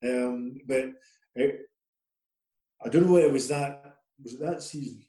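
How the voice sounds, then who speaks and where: Scottish male, middle-aged, ex-player guest, rambling anecdotal storyteller, mid pitch, roomy echoey recording. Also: moderate pace, dark tone. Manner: rambling, self-deprecating storyteller. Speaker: former footballer guest. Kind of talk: casual anecdotal interview.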